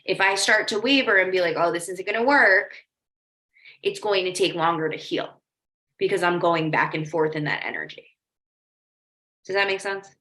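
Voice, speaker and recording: In an echoey room, a female life coach talks through a training at a moderate pace. Her voice is fairly low and a bit bright, and her delivery is chatty, heavy on "like," with storytelling tangents.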